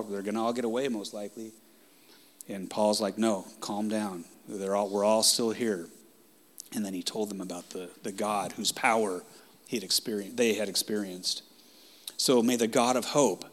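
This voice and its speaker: A man preaching a sermon with passion, swinging from loud outbursts down to hushed whispers. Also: fairly low pitch.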